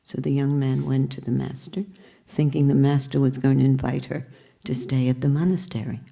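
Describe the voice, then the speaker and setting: A woman's voice: extremely low pitch, flat delivery, normal speed, creaky, dark tone. A woman teacher giving a spiritual talk with storytelling, earnest and reflective.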